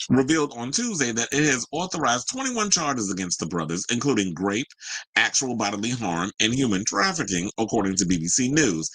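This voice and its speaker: A man talks through celebrity headlines in a casual, joking way and drops into sarcastic side comments. His voice sounds slightly husky. It is recorded dry and close to the mic. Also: mid-range voice, bright, forceful tone, no echo, low-quality recording. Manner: loose, joking, sarcastic, colloquial. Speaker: host of a celebrity news show. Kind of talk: casual commentary, reading news with asides.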